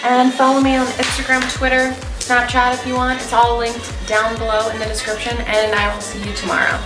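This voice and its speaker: Woman vlogger, fairly high voice, joking and sarcastic, reads stories aloud; roomy echo, music underneath. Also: monotone. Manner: playful, sarcastic, quick to laugh. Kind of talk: casual vlog, reading stories aloud.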